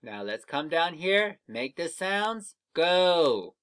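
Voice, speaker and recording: A man running a phonics lesson for small children, speaking slowly and patiently. His voice rises and falls a lot as he stretches out each letter sound for the class to repeat. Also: a little high, big pitch swings, sharp tone, clear, resonant tone. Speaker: teacher. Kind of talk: early reading lesson for young children.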